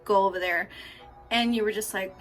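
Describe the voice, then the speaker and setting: A woman's voice: medium pitch, fairly even intonation, a little fast, faint music behind. A woman giving a casual pick-a-card tarot reading, chatty, affectionate and freely profane, often laughing. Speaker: tarot reader.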